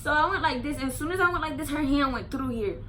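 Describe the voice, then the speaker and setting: A woman vlogger telling a casual storytime, animated and emphatic, swearing freely with lots of "like" fillers. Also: high-pitched, quick pace, background noise.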